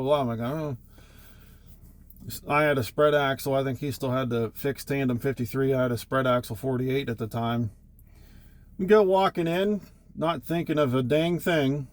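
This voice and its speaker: A man's voice: mid-range voice, a little mellow. A middle-aged man, a truck driver, telling rambling, profane road stories in a casual way. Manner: rambling, profane, wry anecdotes. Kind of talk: casual storytelling.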